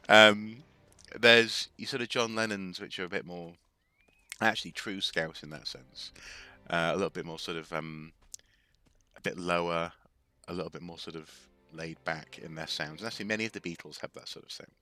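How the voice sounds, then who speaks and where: Man, game streamer, low voice, sharp tense tone, rambling commentary, dry close mic. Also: fairly even intonation, normal speed. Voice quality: rambling, with many fillers and restarts. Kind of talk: casual gaming commentary.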